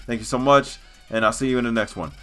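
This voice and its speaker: A man's voice: mid-range voice, fairly even intonation, fast talker, pushed and bright, faint music behind. A man ranting angrily in a gaming vlog, swearing and hammering his points with repetition. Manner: heated, swearing, emphatic repetition. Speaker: gaming YouTuber.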